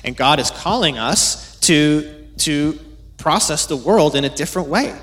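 A man's voice: on the high side, animated, a little slow, a bit bright. A man preaching a casual, conversational sermon, teaching from the Bible and acting out quoted voices now and then.

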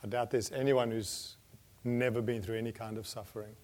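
A man preaching a sermon in an earnest manner, building to emphatic peaks and then dropping his voice low. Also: flat delivery, fairly quick, a little mellow.

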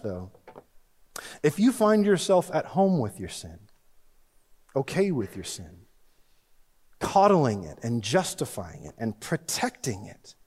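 A male pastor delivers a sermon with a lively, rising and falling pitch and a slightly higher voice than most men. He swings from loud, emphatic lines to hushed ones. The sound carries the long reverb of a big church hall.

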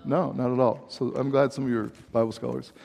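A man's voice: mid-range voice, level tone, brisk, gravelly, darkish tone, muffled recording, soft background music. A middle-aged man preaching a sermon as pastor, in a loose conversational way with asides and restarts. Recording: long hall reverb.

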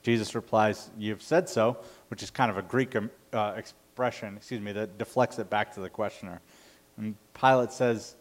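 A man's voice: lowish voice, normal speed. Guy giving a sermon, chatty, keeps correcting himself, um and uh. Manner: conversational, self-correcting with fillers. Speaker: pastor.

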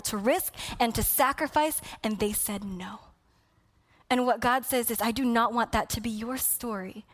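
A woman preaching a sermon with passion, dropping to a hush and then building to loud emphasis. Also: medium pitch. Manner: impassioned, swinging from hushed to loud emphasis.

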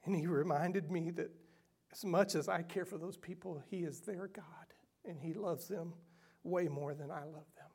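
A man preaching a sermon as pastor, earnest and personal, moving between loud emphasis and hushed, almost whispered passages. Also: on the high side, moderate pace, husky.

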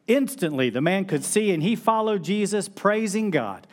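A middle-aged man delivers a sermon like he's telling friends a story. His voice sits slightly high for a man, and he slips into acted-out quotes as he goes. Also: expressive, moderate pace. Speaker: pastor.

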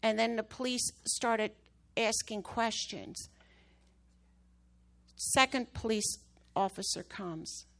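A woman's voice: fairly high pitch, slow, pauses often, fairly bright tone. A woman preaching to her church, telling a story with emphatic, rising bursts at the key moments. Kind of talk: sermon testimony.

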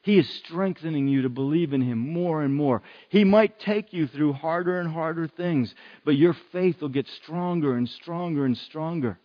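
A man's voice: on the high side, normal speed, hardly any pauses, lo-fi sound. A man preaching a sermon in an earnest way, repeating phrases for emphasis.

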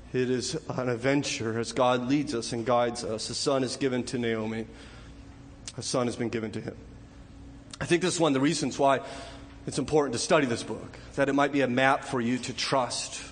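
A man's voice: mid-range voice, in a large hall, slight background noise. A man preaching a sermon, asking his listeners rhetorical questions. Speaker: pastor.

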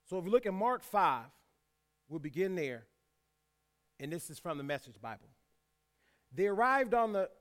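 A man preaching a sermon, reading scripture aloud and repeating key lines for emphasis, with folksy asides to the congregation. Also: fairly high pitch. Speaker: pastor.

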